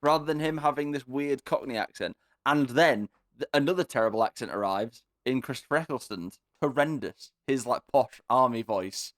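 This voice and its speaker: A man's voice: mid-range voice, normal speed, few pauses, fairly bright tone, no room sound. A young man co-hosting a casual film podcast with dry, sarcastic humor. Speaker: podcast co-host. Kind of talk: casual film review chat.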